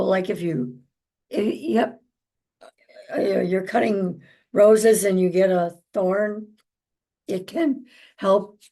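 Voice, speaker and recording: A woman's voice: medium pitch, vocal fry. An older woman, a traditional naturopath, chatting homily in a casual vlog about family, her garden and home remedies. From United States. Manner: chatty, homey, with fillers and warm asides.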